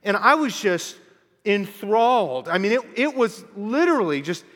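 Animated preacher in a reverberant hall. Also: male voice, high-pitched, moderate pace. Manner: animated storytelling with acted-out quotes. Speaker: pastor. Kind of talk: sermon.

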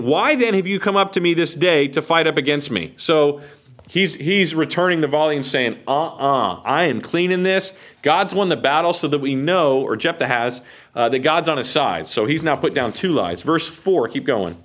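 Animated American man teaching a Bible class. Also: fairly high pitch, normal speed. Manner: animated, acts out quotes, asks listeners okay.

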